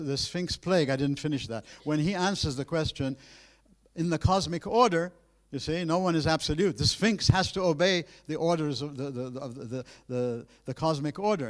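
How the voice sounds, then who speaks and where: A man giving a university lecture, animated and emphatic, with frequent restarts, addressing his students directly. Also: a little high.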